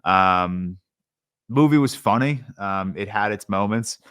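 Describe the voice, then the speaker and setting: This young man, a podcast co-host and film reviewer, speaks slowly in a lowish, slightly bright voice that is clear and resonant. His casual movie chat rambles with lots of fillers and restarts, captured in clean studio sound with no room sound.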